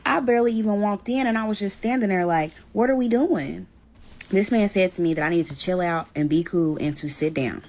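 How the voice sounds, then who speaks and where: A woman's voice: medium pitch, brisk. A woman telling a personal story on her vlog in a casual, blunt way, swearing now and then. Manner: blunt, animated retelling with swearing. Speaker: storyteller vlogger.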